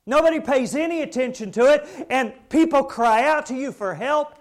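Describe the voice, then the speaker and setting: A man voicing an anguished male prophet who protests loudly and incredulously to God. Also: sits high, very animated, unhurried, husky, full character voice. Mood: outraged pleading.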